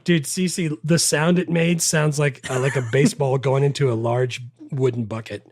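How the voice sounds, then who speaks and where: A man co-hosting a movie podcast, relaxed and chatty in casual talk. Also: mid-range voice, moderate pace, no room sound, studio quality. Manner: relaxed, chatty, says dude a lot. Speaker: podcast co-host.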